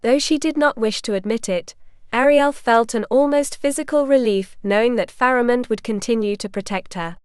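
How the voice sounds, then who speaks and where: A woman narrating a historical romance audiobook in a measured, even storytelling manner. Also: a little high, clean tone, dry recording, studio quality.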